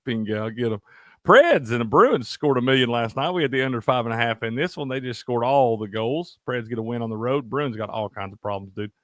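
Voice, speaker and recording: Profane, animated man talking sports bets. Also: mid-range voice, a little fast, dry recording, studio quality. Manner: profane, animated, laughs a lot. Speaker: sports betting show co-host. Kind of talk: casual sports chat.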